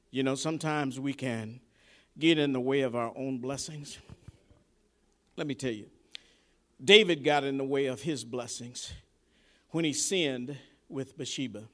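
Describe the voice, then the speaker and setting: Preacher guy, high voice, goes real quiet then really loud, lots of "and, and". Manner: preaching with sharp swings between soft asides and shouted climaxes; conversational, repeats words and restarts. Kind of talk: sermon.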